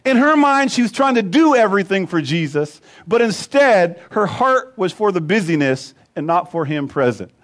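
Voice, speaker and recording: Man, pastor, sermon, high-pitched, emphatic, rhythmic lists. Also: big pitch swings, normal speed, hardly any pauses, a bit bright.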